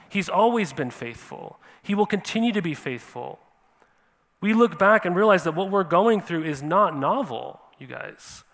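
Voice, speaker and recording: Animated male pastor in a reverberant church. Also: fairly high pitch. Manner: animated, repeats "right?" to the congregation. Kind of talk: sermon. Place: church sanctuary.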